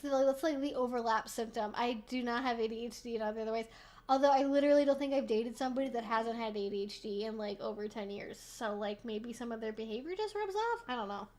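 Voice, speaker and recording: A young woman with a high-pitched voice hosts a casual live-stream Q&A. She rambles, swears freely, laughs often, and sounds slightly tipsy.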